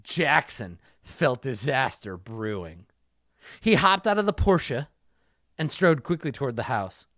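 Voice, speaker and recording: A man's voice: medium pitch, animated, measured pace, fairly bright tone, no room sound, clean studio sound. A man doing a comedic dramatic reading of a game book, now and then breaking off with playful comments.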